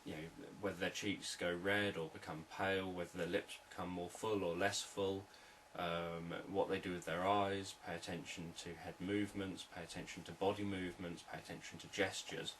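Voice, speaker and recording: A man, a hypnotherapist, explaining sales techniques in a calm, repetitive, unscripted teaching talk. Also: deep voice, moderate pace, few pauses, distant mic, a little hiss or hum, rough recording.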